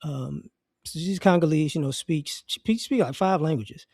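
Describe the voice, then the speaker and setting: A man with an African American English accent gives an animated, casual opinion monologue and keeps restarting his sentences. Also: on the high side, normal speed, no echo, clean studio sound. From United States. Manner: animated, acts out quoted voices, frequent restarts. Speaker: commentary vlogger.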